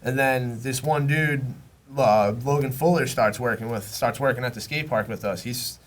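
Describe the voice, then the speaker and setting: A young man tells a long story at a relaxed, casual pitch, loose and slangy. He swears freely and slips into the voices of friends he quotes. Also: normal speed. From Long Island, New York. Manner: rambling, slangy, profane, acts out quoted friends. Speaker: podcast guest.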